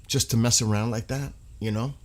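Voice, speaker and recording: Hosting a live stream, a man in a mid-range voice with fairly even intonation talks fairly quickly and casually to viewers. Frequent laughter, rambling, and sung fragments fill his chat.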